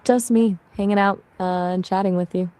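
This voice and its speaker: Mellow, chatty AI assistant woman's voice. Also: medium pitch, steady tone, normal speed. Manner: friendly, chatty, asks questions back. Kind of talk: casual conversational answers.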